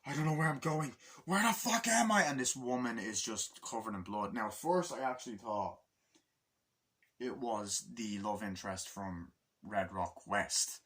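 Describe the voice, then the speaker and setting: A man's voice: on the low side, fairly bright tone, breathy edge. A man giving a casual, rambling movie review, full of swearing and filler words. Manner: rambling, profane, acts out scenes in quoted voices.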